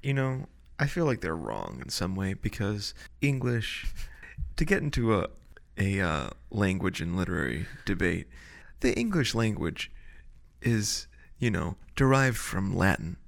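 Man, from Chicago, podcast co-host, low gravelly voice, lively pitch, musing casual chat. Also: unhurried. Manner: musing, wordy asides and "um" restarts.

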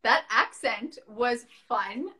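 Rich: A woman with a high voice hosting a loose, friendly conversation. She talks in quick, excited bursts, says "like" a lot and laughs easily. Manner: chatty, enthusiastic, laughs often. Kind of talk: casual chat.

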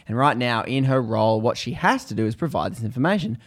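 A man's voice: mid-range voice, expressive, quick pace, few pauses. A man casually retelling a story to a co-host, chatty and full of fillers.

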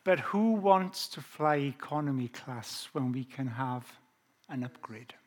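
A man's voice: medium pitch, lively intonation, unhurried. A middle-aged man preaching a sermon in an earnest, repetitive cadence.

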